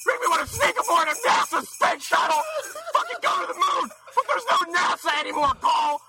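A man's voice: extremely high pitch, expressive, fairly quick, gravelly. A man ranting and screaming profane insults in a comedic recorded message. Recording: played back with jingle music.

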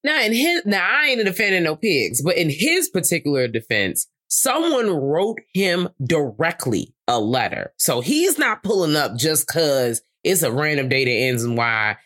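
A man co-hosting a casual movie review podcast, talking in an animated, profane way and acting out quotes. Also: unhurried, few pauses. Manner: animated, profane, acts out quotes with big pitch jumps. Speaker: podcast co-host.

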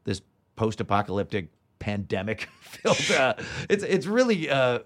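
A man's voice: medium pitch, very animated, moderate pace. A man in his forties, a voice actor chatting as an interview guest, rambling with plenty of fillers and restarts. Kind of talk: casual interview chat.

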